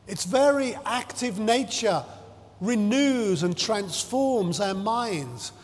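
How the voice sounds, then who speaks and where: A man preaching a sermon in a measured, emphatic way, drawing out his phrases and stressing key words. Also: high voice, animated. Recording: long hall reverb.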